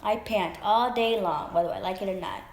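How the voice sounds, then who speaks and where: A woman's voice: medium pitch, brisk, a little mellow, roomy sound, lightly acted. A woman voicing her sick Great Dane dog in a whiny, put-upon way. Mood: mopey.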